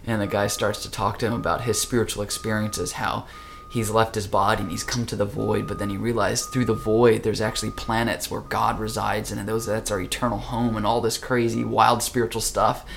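A man hosting a casual conversation, telling an animated story and acting out the voices. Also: on the low side, a little fast, creaky, faint music behind. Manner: animated, acts out voices, laughs easily. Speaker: podcast host.

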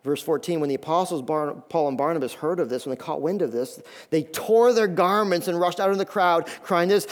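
A man preaching a sermon as a pastor, animated and often repeating words as he builds emphasis. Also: fairly high pitch, brisk, hardly any pauses.

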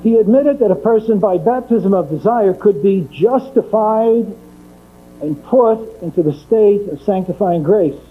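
A man's voice: sits high, animated, measured pace. A man giving a methodical theology lecture, repeating his key points for emphasis. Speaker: Catholic lecturer. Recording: tinny phone-like recording with mains hum.

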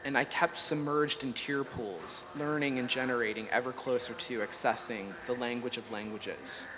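A man's voice: mid-range voice, fairly even intonation, moderate pace, a crowd in the background, close to an everyday voice. A man reading aloud as a ravenous, all-knowing AI god in a solemn, declamatory scripted performance. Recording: long hall reverb, faint hum.

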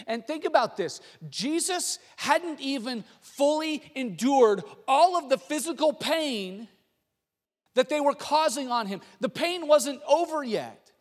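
A man preaches with a fairly high voice, telling stories with animation. He drops to a near hush and then climbs back to loud. His voice rings out with a long reverb in a church sanctuary. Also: moderate pace. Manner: animated storytelling, swinging from hushed to loud. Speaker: pastor. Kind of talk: sermon.

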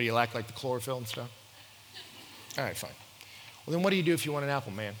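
A man preaching a sermon, telling stories and acting out dialogue in an animated way. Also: medium pitch, fast talker, husky. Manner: animated, acts out dialogue in voices. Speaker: pastor. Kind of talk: sermon with storytelling. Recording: long hall reverb.

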